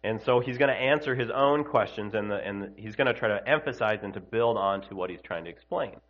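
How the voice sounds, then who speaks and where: A man's voice: on the low side, a little fast, lo-fi sound. A man preaching an Easter sermon in a conversational way, with many fillers and restarts and slightly congested sinuses. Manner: conversational, many fillers and restarts, animated when telling the joke. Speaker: pastor. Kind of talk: Easter sermon with opening prayer and joke.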